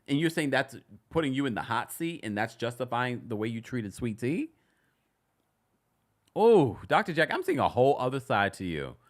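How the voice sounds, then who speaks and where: A man hosting a casual reality TV recap, chatty and animated, with sudden high-pitched exclamations. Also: normal speed. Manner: chatty, many restarts while retelling scenes.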